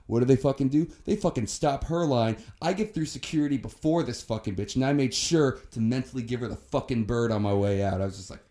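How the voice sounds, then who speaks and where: Young man, podcast co-host, mellow dark voice, profane, heated rant, casual chat. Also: medium pitch, moderate pace.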